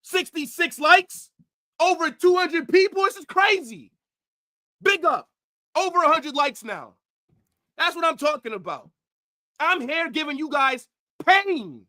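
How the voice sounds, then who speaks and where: A man ranting angrily on a football livestream, profane, swinging from shouts to low mutters. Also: lively intonation, measured pace, long pauses. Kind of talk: livestream rant.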